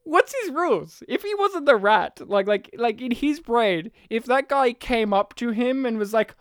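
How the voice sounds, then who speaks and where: Sweary Australian man, smooth dry voice. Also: very high voice, normal speed, no echo. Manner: animated, laughing, sweary storytelling. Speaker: podcast co-host. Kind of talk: casual movie-review chat.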